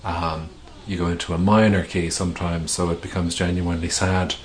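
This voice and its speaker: A man's voice: low-pitched, flat delivery, normal speed. A middle-aged male author being interviewed, talking thoughtfully with hesitations and restarts. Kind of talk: reflective conversational interview.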